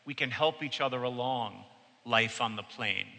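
A man's voice: medium pitch, moderate pace, creaky, pushed and bright. A man from New delivering a sermon, telling a personal story in an earnest, storytelling manner. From United States. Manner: storytelling, earnest, quotes with raised voice. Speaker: preacher. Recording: long reverb of a large hall.

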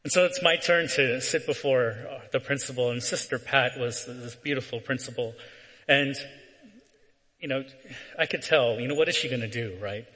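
A man's voice: mid-range voice, moderate pace, pushed and bright. Man preaching in a reverberant hall. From Southern California. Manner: storytelling with frequent "right?" asides. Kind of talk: sermon with a personal story.

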